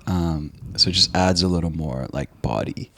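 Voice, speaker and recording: A man being interviewed as a guest, talking in a relaxed, laid-back way with frequent ums. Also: deep voice, moderate pace, creaky. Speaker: restaurant co-founder guest. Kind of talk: casual interview chat.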